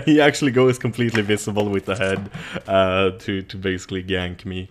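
Swedish male gamer commentator, lowish voice, loose and profane, faint noise under the mic. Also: steady tone, a little fast, few pauses. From Jämtland, Sweden. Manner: casual, swears a lot, laughs often. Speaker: gaming commentator. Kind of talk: live gameplay commentary.

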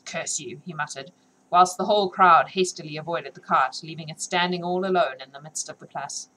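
A woman's voice: sits low, a little fast, pushed and bright, poor audio. A woman reading a novel aloud on a live stream, then chatting with viewers, laughing often and joking about herself.

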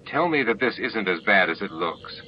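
A man's voice: on the low side, expressive, moderate pace, highs cut off, a little hiss or hum, close to an everyday voice. A man voicing a stern but caring male starship captain who gives firm orders.

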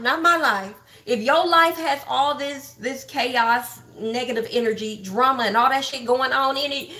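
Her high-pitched voice is pushed and bright as she runs a casual livestream from Texas, cursing freely and bluntly gossiping to viewers about internet drama.

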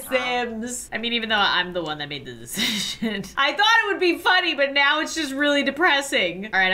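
Woman, gaming host; high, swooping voice, dramatic and giggly let's-play chatter. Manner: excitable and dramatic, laughing and gasping often. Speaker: gaming YouTuber. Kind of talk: casual let's-play commentary.

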